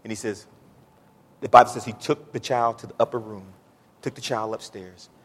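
A man preaching a sermon in a church, building from low, drawn-out talk to shouted, pleading prayer. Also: fairly even intonation, husky. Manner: Southern-style preaching cadence, says y'all. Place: church sanctuary. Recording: echoey church hall.

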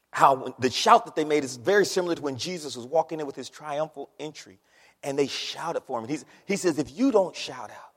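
A pastor preaching a sermon, dramatic, swinging from shouts to hushed words. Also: male voice, fairly high pitch, husky. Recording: long hall reverb.

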